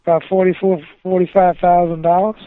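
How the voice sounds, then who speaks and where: A man's voice: high-pitched, flat delivery, a little fast, no room sound. A man working as a car salesman, answering a phone call hesitantly and briefly. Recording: tinny phone line.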